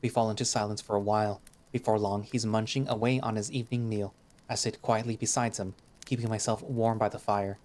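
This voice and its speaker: Low-voiced man narrating a visual novel. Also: steady tone, a little fast, a little mellow. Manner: reflective, conversational narration.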